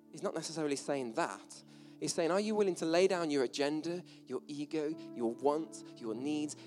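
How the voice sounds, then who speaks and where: Man, British accent, sermon, chatty and jokey, higher-pitched voice, faint music underneath. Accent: British English. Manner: chatty, joking, self-deprecating, with asides and laughs. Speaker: preacher. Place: church hall with a gathered audience.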